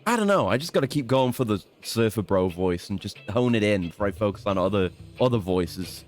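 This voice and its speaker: A man's voice: lowish voice, animated, fairly quick, faint music behind. A man streaming a video game, rambling and swearing casually as he plans his next moves and mocks himself. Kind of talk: casual let's-play commentary.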